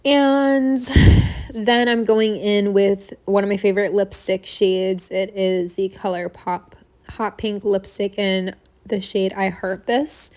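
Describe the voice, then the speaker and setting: A woman's voice: mid-range voice, fairly even intonation, takes it slowly, a little mellow. Chatty young woman narrating a makeup tutorial. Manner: chatty, rambling, frequent fillers and asides. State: slightly out of breath. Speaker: makeup vlogger. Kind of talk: casual voice-over tutorial. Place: home apartment room.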